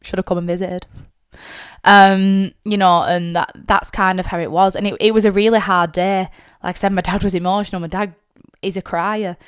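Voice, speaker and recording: A woman's voice: medium pitch, fairly even intonation, normal speed, clean tone. A young woman, hosting a podcast, telling a personal story bluntly and with frequent swearing, tearful at times. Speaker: podcast host.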